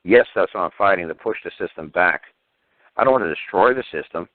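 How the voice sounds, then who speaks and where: A man's voice: deep voice, expressive, fairly quick, no echo. A man hosting a talk radio show, speaking bluntly and heatedly with profanity and stammering restarts. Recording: tinny phone-line radio audio.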